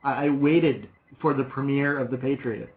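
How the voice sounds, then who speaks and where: A male radio co-host with a dry, wisecracking manner, throwing in deadpan quips. His voice sits at a middle pitch. The recording is tinny and narrow, like a phone line. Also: moderate pace. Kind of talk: casual radio banter.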